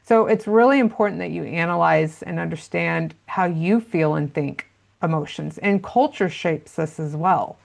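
A woman's voice: fairly low pitch, moderate pace, gravelly. A woman answering interview questions as a parenting expert, explaining at length with frequent fillers.

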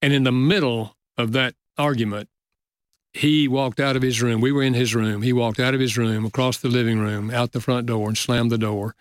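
An older man, a guest author, telling a personal story in an earnest, measured way in a casual conversation. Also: mid-range voice, steady tone, no room sound, studio quality.

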